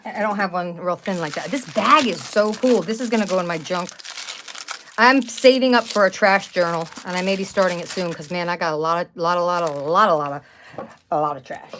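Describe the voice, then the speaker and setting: A woman's voice: medium pitch, a little hiss or hum. Chatty middle-aged woman host. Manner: chatty, rambling, exclaims over items. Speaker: craft channel host. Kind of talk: casual live-stream chat.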